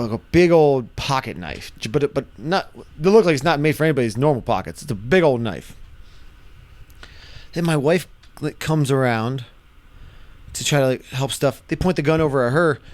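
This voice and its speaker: Male vlogger, mid pitch, animated storyteller with restarts, dry close sound. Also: no room sound. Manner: animated, acts out shouted quotes, frequent restarts. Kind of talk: casual storytelling to camera.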